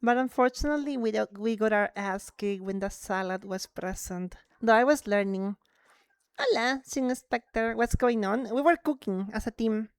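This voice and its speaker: A woman chatting on a live stream, excitable and quick to laugh, switching between English and Spanish as she plays. Her voice sits a little high and comes through smooth and clean. The close mic gives a dry, roomless sound. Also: no echo. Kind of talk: casual live-stream chat while gaming.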